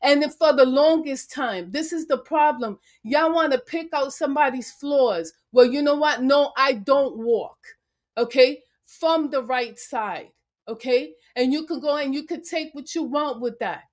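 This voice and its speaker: A woman with a high voice rants furiously on a live-stream panel. She is confrontational, curses freely and hammers her challenges over and over. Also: unhurried. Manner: angry, confrontational, cursing; repeats taunts and challenges. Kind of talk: heated live-stream rant. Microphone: remote call into a live stream.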